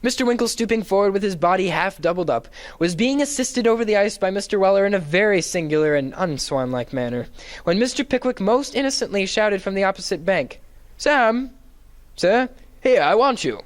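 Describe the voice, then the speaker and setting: Man giving an expressive dramatic reading. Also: high voice, a little fast. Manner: expressive, theatrical narration. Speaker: reader. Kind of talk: dramatic reading of a classic novel.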